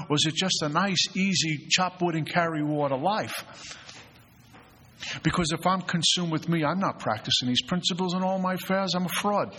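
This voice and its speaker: Middle-aged guy, kinda high raspy voice, earnest recovery talk, lots of uh uh restarts, echoey hall. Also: fairly bright tone. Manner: earnest, storytelling, many restarts and stammered fillers. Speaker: retreat facilitator. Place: mountain retreat hall.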